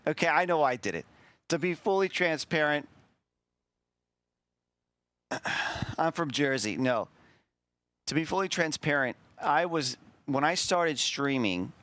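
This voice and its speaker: A man's voice: mid-range voice, a bit bright, no echo. A man hosting a stream in casual chat, rambling and self-deprecating as he looks back. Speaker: streamer host.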